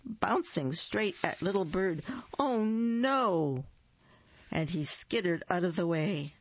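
A storyteller reading a picture book aloud, expressive and acting out the sound words. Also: medium pitch, creaky. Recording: dull lo-fi dry recording.

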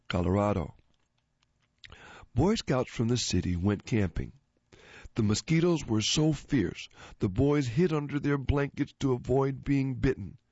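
A man hosting a joke segment, reading listener jokes aloud in an animated way and chuckling after the punchlines. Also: mid-range voice, no echo. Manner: animated, switches voices for joke characters. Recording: dull, dry lo-fi recording.

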